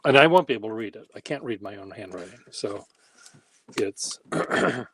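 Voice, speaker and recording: A man's voice: on the low side, lively intonation, normal speed, fairly bright tone, breathy edge. A man hosting a handwriting workshop, rambling casually in a wry, self-deprecating way while he demonstrates. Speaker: pen workshop host.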